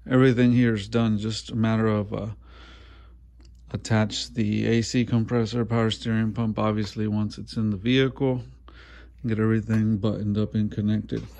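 Man, relaxed garage walkthrough, filler-heavy, phone-recorded. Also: mid-range voice. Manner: relaxed, many ums and uhs. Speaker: mechanic showing an engine swap. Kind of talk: casual walkthrough narration. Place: garage workshop.

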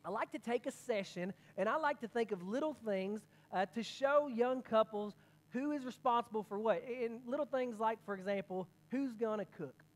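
A man preaching a sermon as pastor, telling a story with energy and many quick restarts. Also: extremely high pitch.

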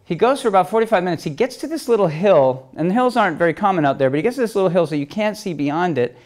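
A middle-aged man telling a story at a talk, lively, moving between loud and soft passages. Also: sits high, quick pace. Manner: lively storyteller, swings loud and soft, acts out quoted voices. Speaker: speaker telling stories at a talk.

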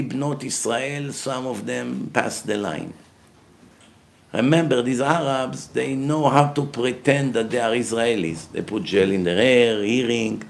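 Speaking as a rabbi, a man with a mid-range voice and vocal fry delivers a fiery religious lecture. He's emphatic and blunt, answering his own questions and turning loud and forceful to make his points.

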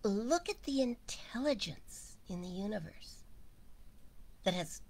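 Soft-spoken woman with a gravelly, husky voice. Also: mid-range voice, expressive. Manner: slow, breathy, musing, often drops to a near whisper. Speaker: spiritual teacher. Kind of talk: informal spiritual talk to a live audience.

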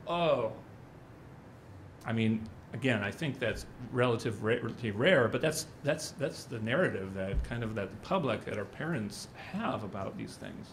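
At a conference, a middle-aged man speaks at a moderate pace with lively intonation and a medium-pitched voice. He tells rambling stories and acts out others' quotes, over a little hiss or hum.

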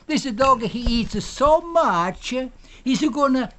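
A man doing a fussy dog owner in a put-on broken Italian accent, high-pitched and swinging wide in tone. He sounds fed up and drags every word out slowly. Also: expressive, sharp tone, a little hiss or hum, full character voice. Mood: exasperated.

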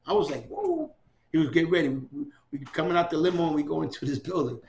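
A man's voice: on the high side, rapid-fire, gravelly. An older man from New City, telling stories in an oral history interview and acting out the voices of people he quotes. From New York City. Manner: animated storyteller, acts out quoted voices.

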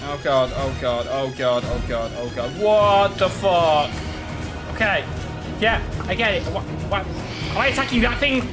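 A young man commentating his own video game play, excitable, swearing and shouting when surprised. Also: fairly high pitch, measured pace, music in the background. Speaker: gaming channel host.

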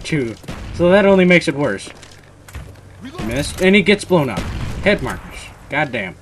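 A young man narrating his own match as he plays. His voice sits a little high and jumps around a lot. He drops into quiet muttering, then bursts into loud, cursing rage. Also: lively intonation, a little slow, long pauses. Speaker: gamer recording his match. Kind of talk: live gameplay commentary.

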